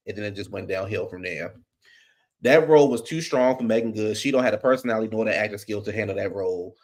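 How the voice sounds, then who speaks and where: A man's voice: fairly low pitch, fast, a little mellow. A man hosting a casual chat, giving blunt, opinionated and profane movie takes. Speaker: podcast host.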